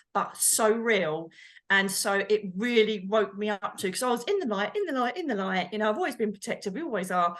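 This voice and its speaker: A woman co-hosting a chat show, telling a story in an animated way and acting out the quotes. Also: medium pitch. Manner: animated, acts out quotes, exclaims. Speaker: co-host, medium.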